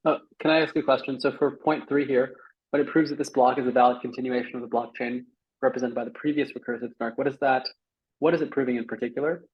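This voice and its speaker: A man from the audience asking a quick, direct question about the talk. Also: medium pitch, steady tone, slightly rough, lo-fi sound.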